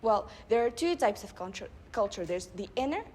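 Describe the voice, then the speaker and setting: A young woman delivering a public speech at a debate club event, building her points with rhetorical questions and measured emphasis. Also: mid-range voice, big pitch swings, darkish tone, slight background noise. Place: live event before an audience.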